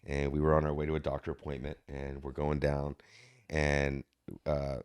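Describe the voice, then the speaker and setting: A man's voice: a bass voice, completely flat delivery, moderate pace, clear, resonant tone. A man guest on a podcast, talking reflectively and acting out the people in his stories. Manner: reflective storyteller who acts out quoted voices. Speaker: actor guest. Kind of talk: podcast conversation.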